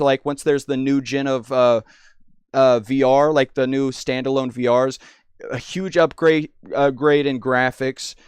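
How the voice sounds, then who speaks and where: Young-sounding man, smooth voice, slightly high pitch, rambling excitable gameplay talk, dry close sound. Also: dry recording. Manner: rambling, excitable, full of restarts. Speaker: gaming video host. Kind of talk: casual gameplay commentary.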